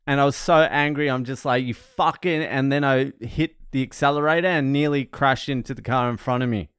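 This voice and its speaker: Man, sweary self-mocking vlog rant, smooth clear voice, dry close sound. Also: mid-range voice, fairly even intonation, brisk, a bit bright, no echo. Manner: sweary, ranting, laughs at himself. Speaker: comedian and first aid trainer. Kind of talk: casual vlog monologue.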